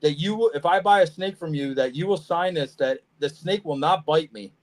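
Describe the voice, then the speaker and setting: A man co-hosting a casual podcast, telling animated stories about reptile shows, swearing freely and acting out what people said. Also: fairly high pitch, normal speed. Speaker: podcast co-host, snake breeder. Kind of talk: casual storytelling chat.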